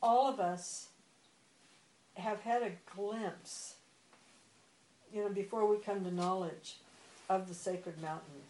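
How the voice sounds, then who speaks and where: A woman's voice: medium pitch, slow, pauses often, darkish tone, roomy sound, a little hiss or hum. A woman teaching spiritual philosophy, explaining patiently with examples and checking that she is understood. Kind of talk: explanatory discussion.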